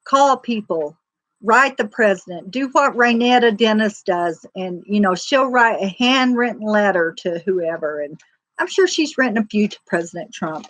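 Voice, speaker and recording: A woman's voice: mid-range voice, animated, moderate pace, a bit bright, dry recording. A woman hosting a casual, faith-driven livestream, talking in a chatty, folksy, rambling way with lots of fillers. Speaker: livestream host.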